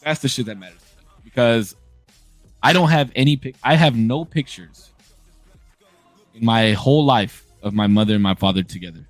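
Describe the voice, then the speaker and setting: A man's voice: medium pitch, normal speed, no echo, soft background music. Guy in his 30s talking real candid, blunt and emphatic, cusses a lot, dry close mic. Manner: emphatic, frequent profanity and restarts. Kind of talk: candid casual conversation.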